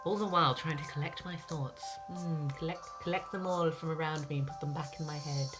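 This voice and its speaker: Low-voiced sarcastic woman gamer. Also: steady tone, brisk. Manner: sarcastic, swears freely. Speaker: gaming video host. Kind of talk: casual let's-play commentary. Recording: loud game music behind.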